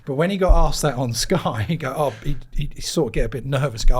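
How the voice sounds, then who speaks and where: A middle-aged English man telling rambling, animated anecdotes in a casual chat as a guest. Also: mid-range voice, fast talker, hardly any pauses, husky. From England. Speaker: guest, cricket managing director.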